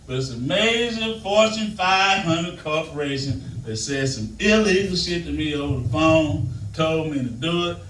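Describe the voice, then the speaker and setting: A man's voice: a little high, animated, normal speed, a bit bright. Older man telling stand-up stories. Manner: loose, storytelling, Southern-flavored delivery. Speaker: stand-up comedian. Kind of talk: stand-up comedy set. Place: comedy stage before a live audience. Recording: echoey room, mic heard from a distance.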